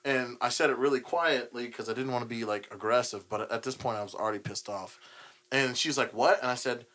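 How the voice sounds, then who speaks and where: A man's voice: medium pitch, moderate pace. A young man on a podcast telling a rowdy story with lots of swearing, acting out what people said. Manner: profane animated storytelling, acts out quotes. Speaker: band member and podcast host. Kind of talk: casual podcast chat.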